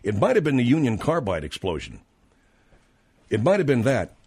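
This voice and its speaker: A man's voice: medium pitch, huge pitch swings, moderate pace, a little mellow, slightly rough. Radio talk show host guy, rambly, lots of uhs and restarts, regular middle voice.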